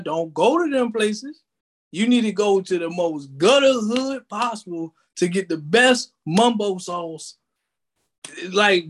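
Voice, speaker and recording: Animated high-pitched man from DC. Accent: Washington DC area. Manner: animated, slangy, emphatic storytelling. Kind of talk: casual chat.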